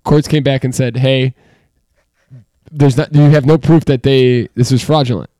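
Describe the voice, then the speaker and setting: A man's voice: mid-range voice, steady tone, fairly quick, dark tone, no echo. A man co-hosting a casual podcast chat, telling stories in an emphatic, rambling way. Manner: chatty, storytelling, emphatic. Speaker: podcast co-host.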